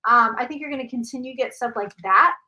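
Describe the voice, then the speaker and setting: A woman hosts a casual psychic livestream from home, speaking quickly in a fairly high, sharp voice over lo-fi audio. She chats loosely, repeats herself, and answers viewer questions while a dog barks in the background.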